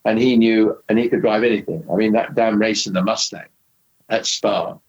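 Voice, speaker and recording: A man's voice: lowish voice, steady tone, normal speed, slightly rough, dull audio. An older man, a former racing driver, telling rambling anecdotes in an interview with many restarts and asides. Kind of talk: anecdotal storytelling in conversation.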